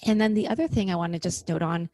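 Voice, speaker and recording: A woman speaking as a podcast guest over a remote call, lively and chatty with frequent "like" asides. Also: on the low side, fast, no echo. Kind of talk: casual conversational interview.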